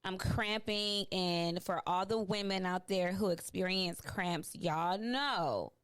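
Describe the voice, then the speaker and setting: A woman's voice: lowish voice, slow, a bit bright, clear, resonant tone. Blunt, profane woman podcast host. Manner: blunt, profane, laughs often. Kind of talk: casual podcast chat.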